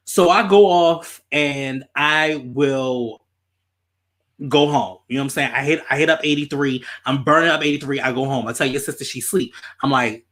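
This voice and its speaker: A man tells a story on a podcast, talking in a loose, animated way. He swears freely and repeats himself as the story builds. His voice sits at an average pitch. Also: normal speed. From Baltimore, USA. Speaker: podcast host. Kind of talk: casual storytelling.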